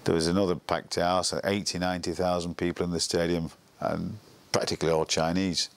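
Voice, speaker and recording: A man's voice: deep voice, flat delivery, a little fast, gravelly. An older man recalling a football campaign in an interview, blunt and colloquial in his speech. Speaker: former football coach. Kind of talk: retrospective interview.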